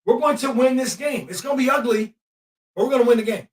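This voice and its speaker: A man with a high voice calls a game live, excitable and quick to yell at the officials. He sounds set back from the mic in an echoey room. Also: recorded from a distance. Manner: excitable, shouts at the refs and players. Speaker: podcast host. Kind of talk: live game-watching commentary.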